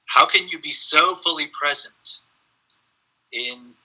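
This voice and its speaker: A man who is a guest on a podcast, talking in a relaxed, reflective way and telling animated stories with plenty of fillers. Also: fairly high pitch, slow pace, breathy edge, rough recording. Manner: animated storyteller, frequent fillers. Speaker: podcast guest, spiritual teacher. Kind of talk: casual reflective conversation.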